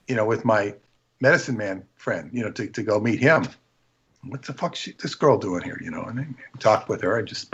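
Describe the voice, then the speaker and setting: A man's voice: fairly low pitch, fairly bright tone, breathy edge. A man on a casual livestream, telling rambling anecdotes full of restarts and quoted asides. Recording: dull lo-fi stream audio.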